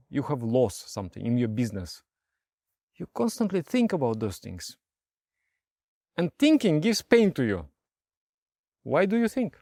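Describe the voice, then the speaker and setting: A male meditation teacher explains his lesson in a lively, storytelling manner. His voice is gravelly, it rises and falls a lot, and it sounds dry and close to the mic. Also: medium pitch, dry recording. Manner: animated, storytelling, with rhetorical questions.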